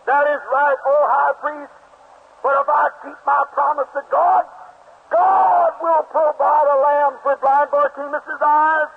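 A preacher voicing a humble, poor blind beggar who speaks earnestly and pleads. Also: male voice, very high-pitched, fairly even intonation, takes it slowly, creaky, heavily acted. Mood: pleading. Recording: tinny lo-fi old tape.

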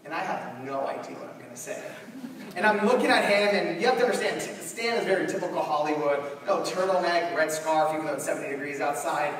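Brief: young male keynote speaker, high voice, animated storyteller; distant, echoey hall. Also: fast. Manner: animated, acting out scenes. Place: large conference hall.

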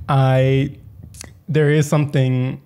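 A man's voice: mid-range voice, little pitch movement, takes it slowly, dark tone, clear, resonant tone. A man co-hosting a podcast in casual chat, laid-back, laughing often and filling with "like". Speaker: podcast co-host.

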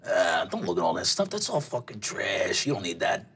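A performer voicing a blunt, profane older man in a tabletop game, low and dismissive. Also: sing-song, moderate pace, gravelly, fairly bright tone, breathy edge, exaggerated voice. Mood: scornful. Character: gruff older man, profane, short-tempered shopper.

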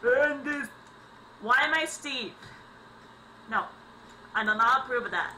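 A young female gaming channel host speaks in a high-pitched voice at a measured pace, giving excitable let's-play commentary punctuated by sudden yelps and laughs. The audio is poor, a home recording with mains hum.

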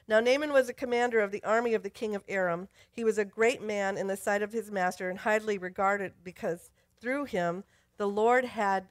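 Woman pastor, lively sermon, bursts of emphasis, dry close sound. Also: medium pitch, dry recording. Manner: animated storytelling, reading scripture aloud with sudden bursts of emphasis. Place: church sanctuary.

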